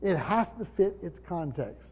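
High-voiced pastor teaching in reverberant church. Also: male voice, very animated, normal speed, breathy edge. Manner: emphatic, asks rhetorical questions. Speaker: pastor teaching Bible study. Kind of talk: teaching sermon. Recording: dull lo-fi recording with long hall reverb.

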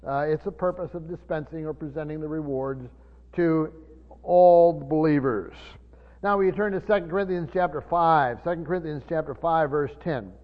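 A man preaching a sermon, teaching from the Bible in a halting way with many fillers and restarts, slowing down to stress key words. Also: on the high side. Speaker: pastor. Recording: muffled sermon recording in a reverberant hall.

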